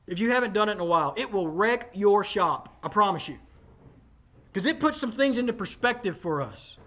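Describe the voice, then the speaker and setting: Man, 40s, pastor preaching, high voice, conversational and emphatic. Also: expressive, moderate pace, fairly bright tone. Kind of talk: sermon.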